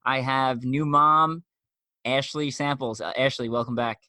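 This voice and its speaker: A man hosts a podcast in a relaxed, chatty manner, dropping fillers as he goes. His voice is bright and forward. The sound is dry and close, with no room around it. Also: mid-range voice, unhurried, no room sound. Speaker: podcast host. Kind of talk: conversational podcast hosting.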